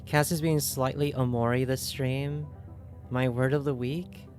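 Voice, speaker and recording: A woman's voice: rumbling low, fairly even intonation, unhurried, darkish tone, soft background music. A young woman streaming a game, chatting casually and asking her viewers lots of questions. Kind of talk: casual livestream chat.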